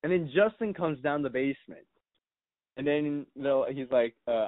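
On a relaxed podcast, a young male guest with a mid-range voice chats at an ordinary pace, telling wandering stories with a playfully serious air, plenty of "ums," and swearing. There's no room sound, and the tinny quality resembles a phone recording.

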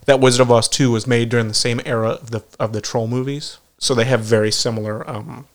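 A man's voice: mid-range voice, steady tone, brisk. A man in his thirties co-hosting a podcast, rambling through stories in casual chat, swearing often and laughing at himself. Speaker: podcast co-host.

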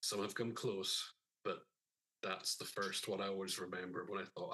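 A man co-hosts a horror film podcast in relaxed, casual chat. His voice is low and husky, with a bright edge, and he drops dry asides. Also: normal speed, poor audio. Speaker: podcast co-host.

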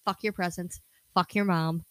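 A woman's voice: lowish voice, steady tone, moderate pace, dry recording, clean studio sound. A woman co-hosting a podcast in casual chat, venting bluntly and swearing freely. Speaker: podcast co-host.

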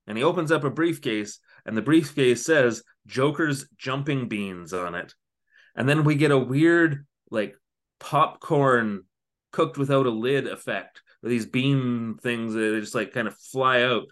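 A man co-hosting a casual podcast, walking through a TV episode scene by scene. He talks at a middle pitch and leans on fillers like "like" and "just". His retelling rambles and drifts along. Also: measured pace. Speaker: podcast co-host. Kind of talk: casual chat recapping a TV episode.

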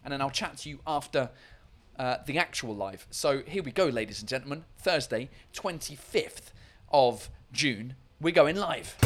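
A man's voice: on the high side, expressive, normal speed, faint music behind. A man hosting a casual live-stream podcast, rambling and swearing freely as he chats from a hot room with a fan running. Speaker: podcast and livestream host.

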